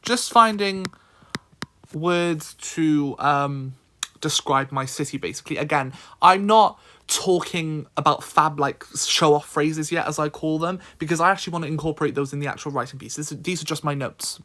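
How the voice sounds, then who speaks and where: A man's voice: fairly high pitch, normal speed, bright, forceful tone. A man tutoring in a casual screen-recorded lesson, thinking aloud with frequent ums.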